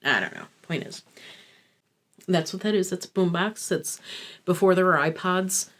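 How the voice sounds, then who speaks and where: A woman's voice: fairly low pitch, moderate pace, fairly bright tone. A woman in her thirties chatting through a casual review vlog, candid, rambling and self-deprecating, with frequent swearing. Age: 30s. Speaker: fashion vlogger.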